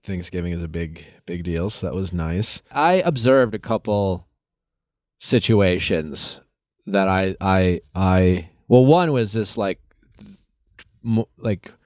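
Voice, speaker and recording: A man's voice: deep voice, expressive, takes it slowly, a little mellow, dry recording, clean studio sound. A man hosting a podcast, telling stories in a rambling, casual way with frequent restarts and some swearing. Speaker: podcast host. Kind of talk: casual chat.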